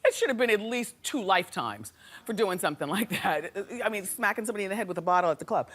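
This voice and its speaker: A woman hosting a talk show, delivering an animated, sassy gossip monologue to a studio audience. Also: mid-range voice, quick pace. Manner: animated, chatty and sassy, laughing often. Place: television studio with a live audience. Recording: studio with audience noise behind.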